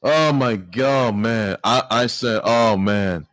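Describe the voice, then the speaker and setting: A man hosting a sports news show, talking excitedly and stammering through restarts and exclamations. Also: on the low side, slow, dry recording. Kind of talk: casual sports news commentary.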